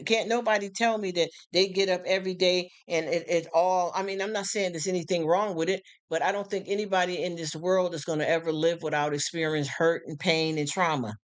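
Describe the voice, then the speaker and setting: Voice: medium pitch, steady tone, normal speed. A middle-aged livestream host chatting casually with viewers in a frank, emphatic way, full of repeated affirmations and rhetorical questions. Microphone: streaming setup.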